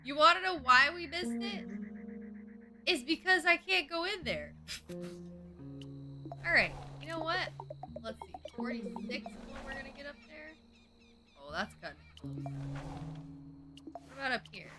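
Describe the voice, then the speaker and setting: A young adult woman streaming a video game, chatting casually to herself and her viewers, excitable and quick to swear. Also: sits high. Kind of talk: casual gameplay commentary. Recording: game music playing behind.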